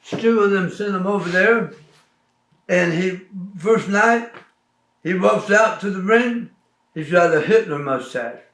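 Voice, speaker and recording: A man's voice: high voice, animated, measured pace, fairly bright tone, roomy sound. A man in a casual shoot interview who tells folksy stories and keeps saying "right" as he listens. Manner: folksy storytelling, frequent "right" acknowledgements. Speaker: wrestling veteran interviewed.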